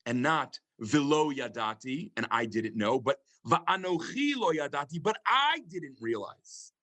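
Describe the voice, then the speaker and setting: A man's voice: medium pitch, a bit bright. Thoughtful man lecturing with many ums. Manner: thoughtful, frequent ums, reads verses then translates. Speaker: rabbi teaching a class. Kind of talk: lecture on scripture.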